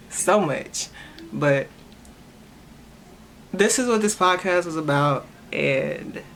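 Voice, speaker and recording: A woman's voice: sits low, a bit bright, slight background noise. A young woman, hosting her own podcast and sharing a personal testimony in an earnest, emotional way, often stopping and restarting her words. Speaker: podcast host.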